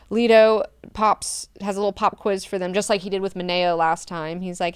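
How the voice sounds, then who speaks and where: A woman's voice: medium pitch, normal speed, few pauses, clean tone, dry recording, clean studio sound. A woman hosting a book club, recapping chapters in a chatty, irreverent way and swearing often.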